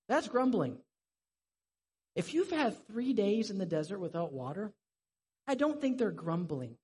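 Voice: medium pitch, sing-song, moderate pace, long pauses, a little mellow, breathy edge. A preacher giving a sermon in a conversational, vivid storytelling way.

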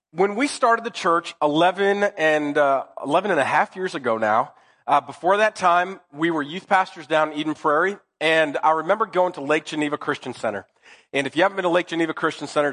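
A middle-aged male pastor preaching a loose, conversational sermon while nursing a cold, cracking jokes with the congregation. His voice sits a little high for a man. The long reverb of a church hall trails behind his words. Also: brisk, fairly bright tone. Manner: chatty, joking, conversational. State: has a cold. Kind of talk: casual sermon.

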